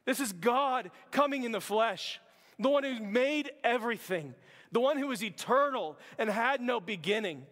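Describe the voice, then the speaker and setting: High-voiced man preaching in echoing hall. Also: expressive, normal speed, a bit bright. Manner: conversational preaching, many "like"s and restarts, acts out quotes. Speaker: pastor. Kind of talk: sermon.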